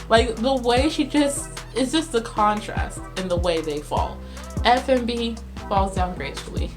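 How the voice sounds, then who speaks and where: A woman, recapping a movie on her channel in a sarcastic, animated way. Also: a little high, a little slow, music in the background. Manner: sarcastic, animated, laughs at her own jokes. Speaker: video host reviewing a movie. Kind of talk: casual comedic movie recap.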